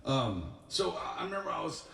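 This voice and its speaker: A man's voice: a little high, very animated, brisk, gravelly, fairly bright tone, slight background noise. A young man, a singer-songwriter, tells a rambling, self-deprecating story between songs at a live-streamed studio show. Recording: roomy studio, mic at a distance.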